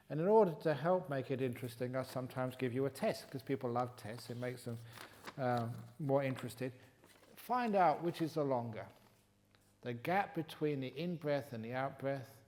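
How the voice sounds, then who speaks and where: Genial older English monk giving a talk. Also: male voice, medium pitch. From England. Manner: humorous, teasing, then gentle and reflective. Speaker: meditation teacher answering questions. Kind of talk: retreat Q&A talk. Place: retreat hall.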